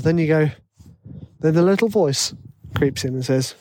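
A chatty man with a slightly high voice talks through his advice in a loose, self-deprecating way. He sounds close to the microphone in a dry space with no echo. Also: moderate pace, pauses often, warm tone. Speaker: music composer giving advice. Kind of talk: casual solo monologue.

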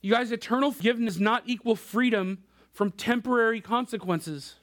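Youth pastor type, thirties, man with a very high voice, chatty laid-back preaching. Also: brisk, a bit bright. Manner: casual, conversational preaching to a young crowd. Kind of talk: sermon.

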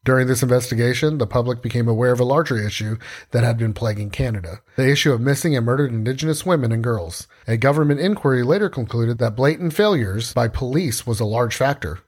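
A man's voice: medium pitch, fast. A man hosting a podcast, reading the intro and then joking around in casual chat. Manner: playful, lively, jokey. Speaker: podcast host.

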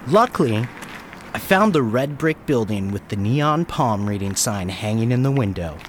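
Male storyteller, first-person, animated and wry, mid pitch. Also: moderate pace, slight background noise. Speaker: narrator.

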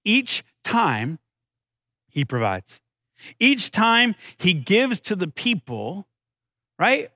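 This pastor's voice is high, bright, and forceful, swooping wildly in pitch as he speaks very slowly with long pauses. He preaches conversationally, asks the congregation questions, and uses dramatic voice drops in the story, with no room sound.

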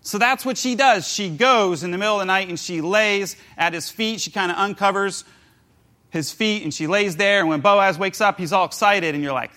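A high-voiced man speaking at normal speed delivers a casual sermon, retelling a story with animated humor and briefly acting out its characters.

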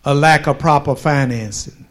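A man preaching a sermon with a slow, drawn-out cadence, pausing for emphasis and delivering forceful declarations. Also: on the high side.

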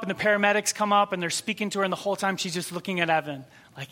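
A man preaching a sermon, telling a story and acting out the people in it, dropping to a soft, quiet voice for tender moments. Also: high-pitched, quick pace. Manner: storytelling, acts out quoted voices. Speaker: pastor.

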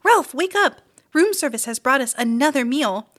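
A woman's voice: sits high, expressive, drawn-out words, voice pushed up, exaggerated voice. A woman voicing a happy, carefree mother mouse who calls out eagerly. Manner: bright, eager calling.

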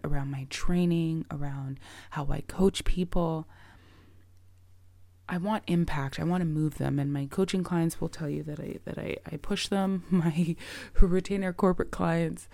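A middle-aged woman hosting her own podcast as a coach, talking in an earnest, reflective way and often dropping to a soft, breathy near-whisper. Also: low voice, no room sound. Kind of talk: reflective solo podcast talk.

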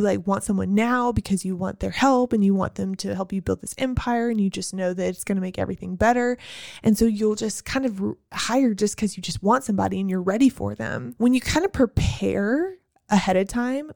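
A woman's voice: mid-range voice, dark tone, no echo. Earnest woman coaching, dry close sound. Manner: earnest and encouraging, with many fillers and restarts. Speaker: business owner and team leader. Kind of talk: casual motivational monologue.

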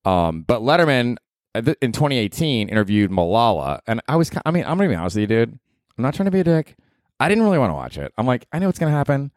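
A man's voice: mid-range voice, big pitch swings, quick pace, dry recording, studio quality. A comedian in his forties hosting a casual solo podcast from his apartment, rambling, swearing freely and poking fun at himself. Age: 40s. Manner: rambling, profane, self-deprecating.

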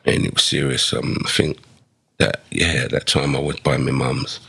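With a husky, gravelly, extremely deep voice, this sixty-something former footballer from England tells stories as a podcast guest at a moderate pace. He keeps things relaxed and conversational, bringing his tales to life by performing other people's dialogue in quoted voices.

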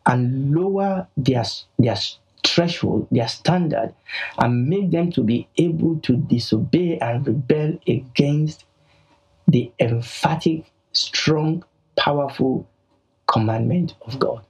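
A man's voice: medium pitch, takes it slowly, slightly rough, poor audio. A man teaching the Bible in a broadcast, emphatic and repeating key phrases.

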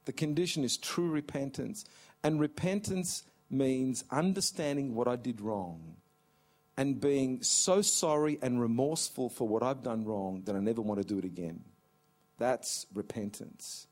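A middle-aged male pastor preaching a sermon with passion, climbing to shouts at the high points. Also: unhurried. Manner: impassioned, rising to shouts.

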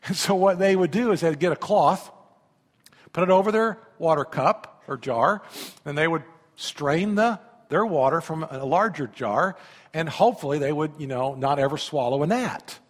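A man in his fifties preaching a sermon as pastor, animated and conversational, often repeating words and asking the listeners questions. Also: fairly high pitch, moderate pace. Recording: long reverb of a large hall.

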